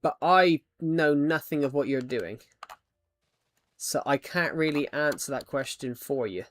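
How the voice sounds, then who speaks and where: A man's voice: a little high, unhurried, a bit bright. A man from the UK, chatting casually while playing a game, rambling with many false starts. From United Kingdom. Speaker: Minecraft streamer. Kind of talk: casual chat while gaming.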